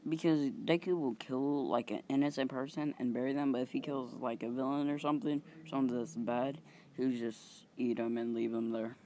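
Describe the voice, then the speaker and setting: A male channel host casually improvising a story, halting and rambling with many fillers and some mild swearing. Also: medium pitch, steady tone, mellow, a little hiss or hum.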